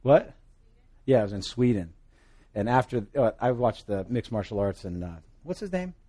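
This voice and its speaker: A man from Hawaii with a Hawaiian accent, preaching a sermon with jokes and swings between loud and soft. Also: moderate pace. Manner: animated, joking asides, pitch and volume swing widely. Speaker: pastor.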